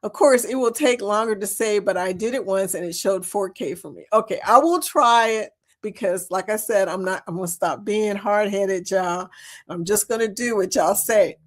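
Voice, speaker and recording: A woman's voice: mid-range voice, normal speed. A woman hosting a casual livestream, chatty and giggly, calling her viewers y'all as she reads their comments. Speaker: livestream host. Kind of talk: casual live chat reading comments.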